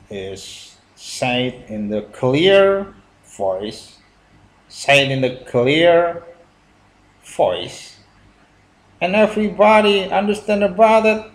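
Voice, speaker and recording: A man with an Indonesian accent hosts a casual reaction video in halting non-native English, often restarting his sentences. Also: on the high side. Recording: roomy echo.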